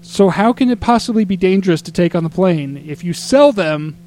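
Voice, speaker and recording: In a relaxed podcast chat, a man from Arizona with a high-pitched, slightly raised voice rattles off a rambling travel story at a fairly quick clip. He grows animated and exasperated, breaking into mock quotes of other people, over a faint hum.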